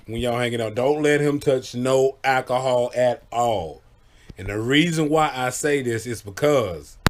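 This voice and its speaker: A man telling stories casually into the camera, laid-back and profane, often checking in with his listeners. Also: medium pitch. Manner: laid-back, profane, keeps saying "you know what I'm saying". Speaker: vlogger. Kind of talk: casual storytelling.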